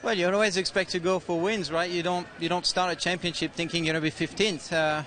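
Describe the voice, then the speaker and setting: A man's voice: sits high, level tone, fast, a bit bright. A man, a racing driver, answering interview questions with hesitant fillers outdoors on a race grid.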